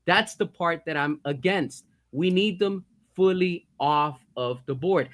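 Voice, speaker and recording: A man with a notably high voice rants on a livestream, swearing freely and firing off rhetorical questions. He sounds fired up as he hammers each point home. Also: measured pace, a bit bright. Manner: fired-up ranting with frequent profanity. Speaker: livestream host. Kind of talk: heated casual chat.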